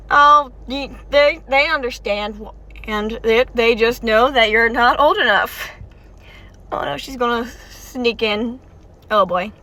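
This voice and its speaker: A woman talking excitedly to her viewers in rambling reaction commentary, recorded inside a car. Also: a little high, slow. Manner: excitable, chatty, talks straight to viewers with frequent restarts. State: tired and warm. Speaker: video creator reacting to a game story.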